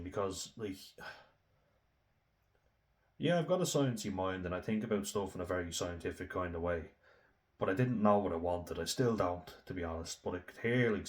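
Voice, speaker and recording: A young man talking frankly and reflectively in a personal vlog, swearing casually and filling pauses with "you know" and "like". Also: low voice. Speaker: vlogger. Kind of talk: candid personal vlog talk.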